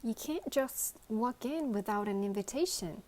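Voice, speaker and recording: A woman's voice: on the high side, lively intonation, unhurried, darkish tone, a little hiss or hum, voice pushed up. Woman doing a flustered fussy lunchbox. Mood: indignant. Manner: quavering, flustered. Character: anxious fussy female lunchbox.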